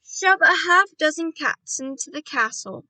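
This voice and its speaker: An eager, excitable young boy who has been turned into a mouse, piping high and bright, as a woman reads him in a storybook. His lines bounce with lively ups and downs in pitch. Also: moderate pace, recorded from a distance, rough recording. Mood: urgent.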